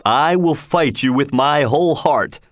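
A man's voice: on the high side, measured pace, no room sound, clean studio sound, lightly acted. A man doing a huge, blunt, proud stranger.

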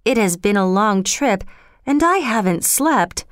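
A woman voicing a gentle, polite young boy prince who speaks softly. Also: mid-range voice, expressive, unhurried, no echo, clean studio sound, natural voice. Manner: soft and polite.

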